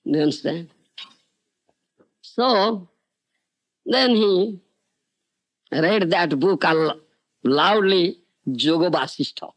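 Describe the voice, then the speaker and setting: A man giving a sermon as a spiritual teacher, telling a story to devotees in animated, non-native English and often asking whether they understand. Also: high voice, slow, pauses often, no echo. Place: temple on a farm.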